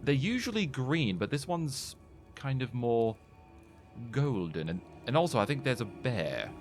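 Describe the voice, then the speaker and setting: Male gaming host, musing, self-mocking, unhurried, game music under him. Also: mid-range voice, big pitch swings. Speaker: gamer host. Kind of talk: gameplay commentary.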